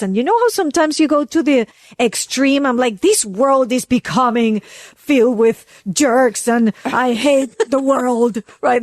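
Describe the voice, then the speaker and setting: A woman's voice: dry recording, studio quality. A woman co-hosting a wellness podcast, telling a story in casual chat and acting out the people she quotes with big jumps in voice. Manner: animated, acts out quotes with big pitch jumps. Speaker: podcast co-host.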